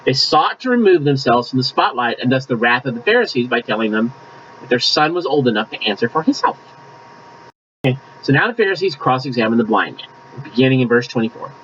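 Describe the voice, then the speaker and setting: A man's voice: medium pitch, sing-song, quick pace, a bit bright, lo-fi sound, a little hiss or hum. A man preaching a conversational sermon, reading scripture aloud and adding asides. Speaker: pastor.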